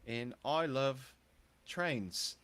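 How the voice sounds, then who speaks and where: A man's voice: mid-range voice, extremely slow, crowd noise, pitched above the performer's own voice. A man putting on a mocking Scouse accent as a teasing take on his co-host, in an overdone sing-song lilt. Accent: put-on Scouse.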